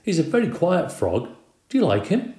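A man's voice: a little high, huge pitch swings, moderate pace, mellow, pitched above the performer's own voice. A man reading aloud, voicing a polite grown man from the school staff who explains things to the class. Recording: roomy echo.

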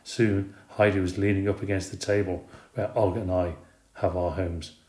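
A man reads a children's storybook aloud with lively expression. His voice sits on the low side. The recording carries a noticeable room echo. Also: moderate pace. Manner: expressive, animated reading. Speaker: reader. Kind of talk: storybook narration. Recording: roomy recording.

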